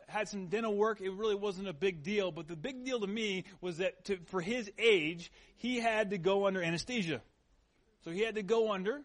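A man preaching a sermon as a pastor. He talks in an earnest, conversational way, tells personal stories, and repeats key points for emphasis. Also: high voice.

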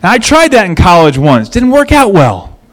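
A middle-aged man preaching a sermon as a pastor, telling stories in an animated way that moves between lively and hushed. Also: high voice, normal speed.

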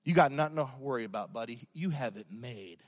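A man voicing a sly male tempter who coaxes in a low, hushed tone. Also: animated, a little fast, natural voice. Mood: coaxing. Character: smooth-talking tempter devil, sly male. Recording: long hall reverb.

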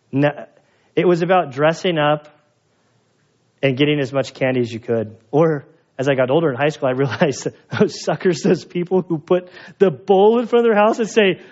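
Chatty storytelling pastor, slightly high voice. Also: male voice. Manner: animated, chatty storytelling with self-mocking humor. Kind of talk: conversational sermon with personal stories. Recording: dull lo-fi sound.

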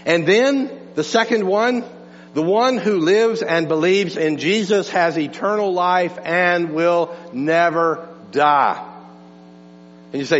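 Pastor preaching in a reverberant church. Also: male voice, a little high, measured pace. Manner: emphatic, repeats words, swings from hushed to raised. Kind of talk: sermon. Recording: dull lo-fi sound with long reverb and hum.

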